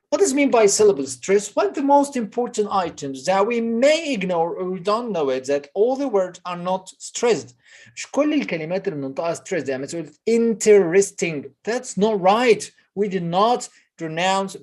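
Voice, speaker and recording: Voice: medium pitch, a little mellow. A pronunciation teacher with an Egyptian accent, giving a recorded lesson and explaining each point in English and then again in Arabic.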